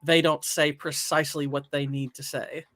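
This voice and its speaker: A man's voice: fairly high pitch, little pitch movement, normal speed, fairly bright tone. A man in a casual movie discussion, making thoughtful, analytical points.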